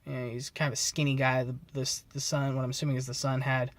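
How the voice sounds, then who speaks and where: A man vlogs to camera, telling a rambling, conversational story and frequently correcting himself. His mid-range voice stays level and fast, with no room sound.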